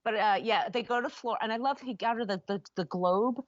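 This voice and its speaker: A woman's voice: a little high, a little fast, no echo. A woman co-hosting a podcast, gushing and rambling emotionally in casual chat. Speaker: podcast co-host. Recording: dull, dry lo-fi sound.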